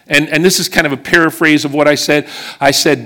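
An earnest man preaching to his church in a fairly high voice. He tells stories with emphasis and sinks low and soft on the words that matter most. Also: fairly even intonation, fairly quick. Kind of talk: sermon with personal stories. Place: church service before a congregation.

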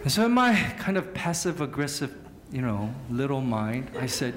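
Animated storytelling male pastor, echoey room. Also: medium pitch, normal speed, a little hiss or hum. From Southern California. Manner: animated storyteller, jokey and self-mocking. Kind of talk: sermon.

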